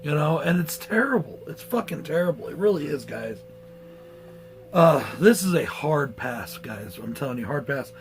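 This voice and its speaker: A man's voice: on the high side, animated, normal speed, slight background noise, low-quality recording. A man giving a blunt, profane movie review in a casual rant.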